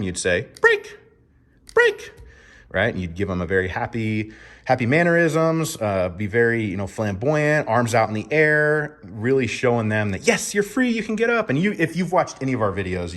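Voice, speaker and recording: Man, dog trainer, emphatic teaching tone, keeps asking right, lively intonation. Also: lowish voice. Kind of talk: instructional explanation to dog owners.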